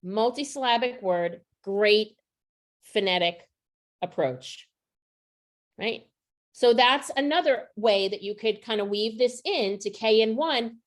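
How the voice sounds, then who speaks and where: A woman's voice: on the high side, lively intonation, takes it slowly. A woman presenting a literacy training session to teachers, explaining student writing samples and often checking in with the audience. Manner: explanatory, checks in with rhetorical "right?". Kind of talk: professional development presentation.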